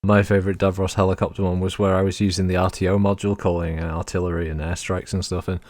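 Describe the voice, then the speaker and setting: A man's voice: deep voice, fast talker, dry recording, clean studio sound. A man, a regular of the stream, telling stories in casual group chat and laughing often. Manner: animated storyteller, laughs often.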